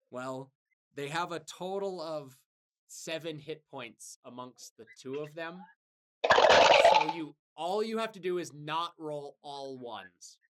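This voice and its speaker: A game master narrating a tabletop game in a casual, animated way, often laughing. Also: medium pitch, slow, pauses often, slight background noise.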